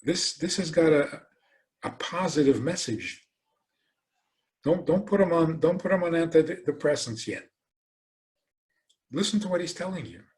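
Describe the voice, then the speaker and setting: A rabbi giving a lecture, telling stories animatedly and asking rhetorical questions. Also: male voice, fairly high pitch, measured pace, pauses often. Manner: animated storytelling, acts out quoted voices.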